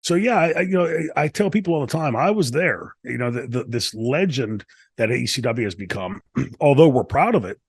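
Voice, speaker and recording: A man's voice: mid-range voice, animated, a little fast, breathy edge, no echo. A man from the United States, a guest in an interview, telling long rambling stories with many restarts. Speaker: interview guest, former wrestler. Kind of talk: casual shoot interview storytelling.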